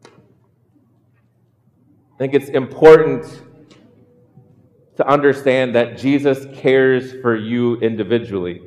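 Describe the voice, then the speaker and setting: A man's voice: mid-range voice, takes it slowly, pauses often, a little mellow, in a large hall. A man preaching a sermon, earnest, often repeating words as he builds a point. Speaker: pastor.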